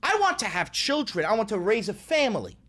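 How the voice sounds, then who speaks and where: A man's voice: high voice, very animated, brisk, a bit bright. A man hosting a livestream commentary, talking in an angry, emphatic and profane way. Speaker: host.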